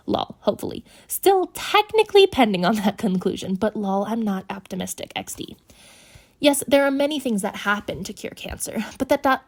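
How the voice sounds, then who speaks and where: Woman, 20s, casual vlogger, mid-pitched voice, dry self-mocking humor, ranty when roused. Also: darkish tone. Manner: wry and self-mocking, slipping into a heated rant. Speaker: vlogger giving a life update. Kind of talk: casual personal vlog narration.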